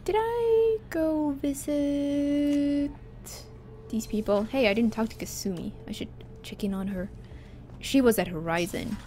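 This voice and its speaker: A woman's voice: medium pitch, brisk, darkish tone, slight background noise. Chatty woman streaming a game. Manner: chatty, giggly, self-mocking. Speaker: gaming streamer. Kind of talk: casual let's-play commentary.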